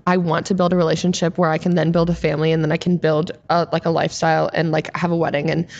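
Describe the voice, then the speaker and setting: A woman's voice: deep voice, level tone, vocal fry, a little mellow, dull audio. A woman in her twenties, a podcast guest, telling stories in a blunt, profane, casual way. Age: 20s. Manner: blunt, profane, rapid storytelling. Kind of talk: casual chat.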